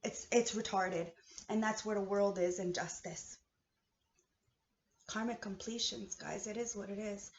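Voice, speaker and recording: A woman from Canada in a heated, profane personal rant, swinging between low muttering and shouting. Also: fairly even intonation, a little slow, long pauses. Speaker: vlogger. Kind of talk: emotional personal rant to camera. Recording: echoey room, dull lo-fi sound.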